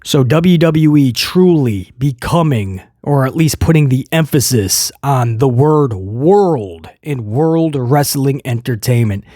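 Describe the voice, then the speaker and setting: A man hosting a wrestling news show, talking casually to viewers in an excitable, rambling way with jokey asides. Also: mid-range voice, unhurried, few pauses, no echo, clean studio sound.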